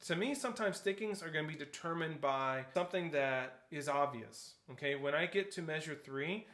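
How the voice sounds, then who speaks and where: A man's voice: on the high side, lively intonation, fairly quick, loud music behind the voice. Echoey male percussion teacher. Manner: explains step by step, counts aloud and calls out notes and stickings. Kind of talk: instructional tutorial. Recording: echoey room with faint noise.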